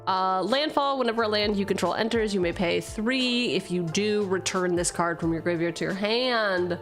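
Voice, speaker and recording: A woman's voice: medium pitch, normal speed, soft background music. A woman streamer in casual live-stream chatter, reading card text aloud and joking at her own expense, swearing freely. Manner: playful, self-mocking, swears freely, jumps between jokes and reading. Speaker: streamer opening card packs.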